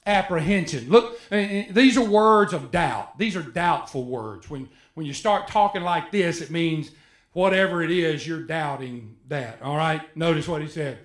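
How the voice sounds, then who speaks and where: A man preaching a sermon, animated, acting out biblical voices with rising emphasis. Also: a little high, roomy sound.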